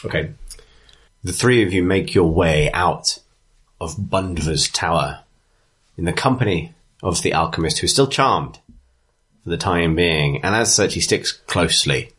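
A man's voice: sits low, expressive, unhurried, fairly bright tone, breathy edge. A man narrating a tabletop game as game master, chatty and correcting his own wording as he goes.

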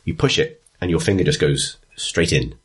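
A man running a tabletop game, his low voice husky at the edges. He describes scenes in rambling, stop-start phrases. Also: expressive, moderate pace. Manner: rambling, full of ums and restarts. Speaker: game master. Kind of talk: improvised tabletop narration.

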